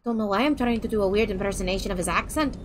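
A woman's voice: medium pitch, racing, a little hiss or hum. A woman giving let's play commentary into a desk microphone, chatty, jokey and often swearing. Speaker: gaming streamer.

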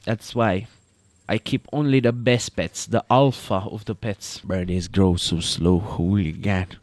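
A man's voice: lowish voice, fairly even intonation, unhurried, darkish tone, no echo. Joking man rambling over gameplay. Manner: joking, rambling, talks to viewers as boys. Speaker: gaming YouTuber. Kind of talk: casual gameplay commentary.

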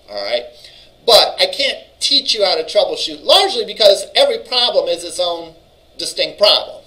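A man's voice: fairly high pitch, lively intonation, normal speed, sharp tone, rough recording. A man teaching a college database class, lecturing conversationally and often checking in with the students. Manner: conversational, checks in with "all right?"; thinks aloud with fillers and restarts. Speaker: college instructor.

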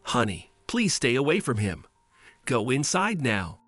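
A man voicing a protective, stern mother who speaks in a sharp, scolding way. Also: mid-range voice, very animated, a little slow, no echo, soft background music.

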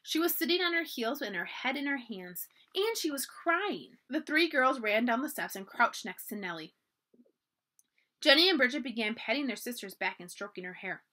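Library lady reading a kids chapter book, lively and bright. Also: fairly high pitch, moderate pace. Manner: expressive, animated storytelling. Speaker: library storytime reader.

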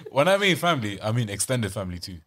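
Man, 20s, podcast co-host, casual slangy chat, animated pitch. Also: quick pace. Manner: slangy, laughing storyteller.

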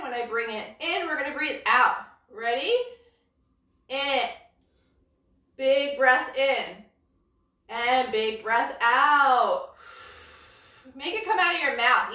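A woman's voice: sits high, expressive, moderate pace, few pauses, sharp tone. A woman from Brooklyn teaching a parent-and-toddler yoga class, with cheerful, encouraging, sing-song cues. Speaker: yoga instructor. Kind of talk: live-streamed kids' yoga class. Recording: roomy echo, mic at a distance.

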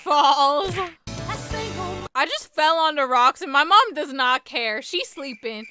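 A young woman chatting excitedly through a game, full of gasps and laughs. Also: high voice, unhurried, over music. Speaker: gaming YouTuber. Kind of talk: playthrough commentary.

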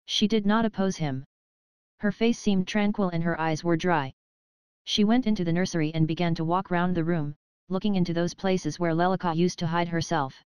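A woman reading an audiobook aloud in a measured, unhurried narration style. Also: fairly low pitch, darkish tone, smooth, no echo.

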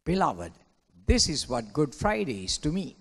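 A man preaching a sermon as a pastor, swinging between hushed lines and shouted ones. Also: a little high, very animated, normal speed, husky. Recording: long hall reverb.

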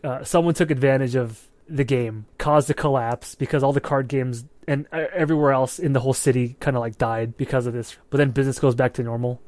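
A man co-hosting a movie podcast, chatting loosely about films and swearing freely as he goes. His pitch sits in the middle, and he often checks in with a quick "right?". The sound is dry and close, with no room echo. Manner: animated, profane, keeps checking in with "right?". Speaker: podcast co-host. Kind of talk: casual movie review chat.

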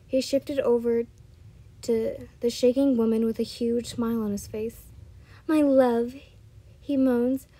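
A woman's voice: fairly high pitch, warm tone, low-quality recording. A woman reading fan fiction aloud, often stumbling and correcting herself. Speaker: storyteller.

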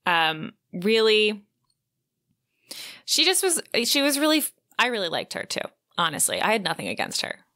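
A woman's voice: mid-range voice, huge pitch swings, normal speed, sharp tone, no room sound, clean studio sound. A woman co-hosting a book podcast, chatting casually with lots of "like" and frequent laughs. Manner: chatty, many "like" fillers, laughs often. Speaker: podcast co-host.

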